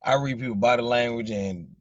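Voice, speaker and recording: A man's voice: mid-range voice, brisk, dry recording, highs cut off. A man with a Southern accent from Arkansas, rambling in a casual live chat with viewers and repeating "you know what I'm saying". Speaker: livestream host chatting with viewers.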